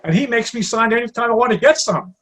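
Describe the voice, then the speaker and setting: A man closing a stand-up set of one-liners over a video call, with slow, drawn-out delivery. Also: very high-pitched, lively intonation, a bit bright. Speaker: stand-up comedian.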